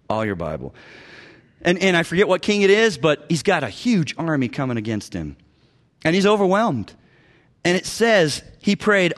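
A man with a fairly high voice preaches on counseling in an emphatic way. He swings from loud urging down to hushed, low phrases. He repeats key words for weight. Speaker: pastor teaching biblical counseling. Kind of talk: preached teaching talk.

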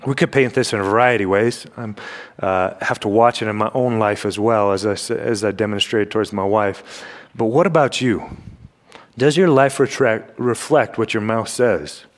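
A young man preaching a sermon in a church, emphatic and full of rhetorical questions, clearing his throat now and then. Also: fairly low pitch, moderate pace. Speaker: campus ministry preacher. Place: church sanctuary.

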